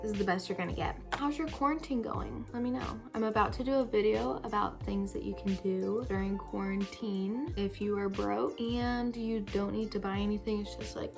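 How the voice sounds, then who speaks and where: A woman's voice: mid-range voice, gravelly. A teenage girl vlogging a chatty get-ready-with-me, rambling and self-mocking, a little out of breath. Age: teens. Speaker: beauty vlogger. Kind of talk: casual get-ready-with-me chat.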